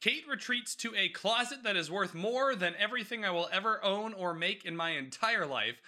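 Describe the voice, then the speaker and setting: A man hosts a casual podcast recap of a TV episode. His voice sits high and sounds very bright and forceful, with a lively, swooping pitch. He swears freely and slips into the characters' lines as he talks. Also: moderate pace. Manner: animated, swearing, acting out characters. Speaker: podcast host.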